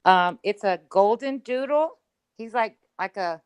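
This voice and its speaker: A woman's voice: medium pitch, unhurried, clear, resonant tone. A woman chats casually with a mid-range voice. She coos at animals in a sing-song way. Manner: cooing, sing-song talk to pets. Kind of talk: casual chat.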